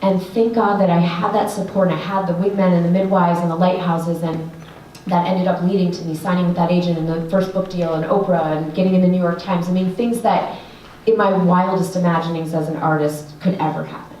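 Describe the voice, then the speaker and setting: Woman coach telling her story, warm low voice, echoey room, kinda far off mic. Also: fairly quick, slight background noise. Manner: earnest, animated storytelling with lots of fillers. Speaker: writing coach. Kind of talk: storytelling talk to an audience.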